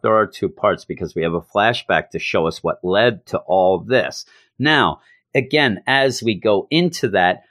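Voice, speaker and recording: A man's voice: medium pitch, fairly bright tone, dry recording, clean studio sound. A man giving a casual spoken comic book review, blunt and exasperated, with casual swearing.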